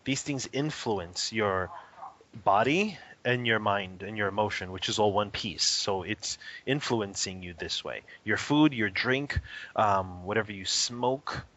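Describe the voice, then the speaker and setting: A man answering interview questions about anger, animated and quick to laugh. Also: lowish voice. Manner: animated, laughs often, acts out a toddler's cries. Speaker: interview guest, spiritual teacher. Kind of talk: casual interview. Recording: dull lo-fi audio.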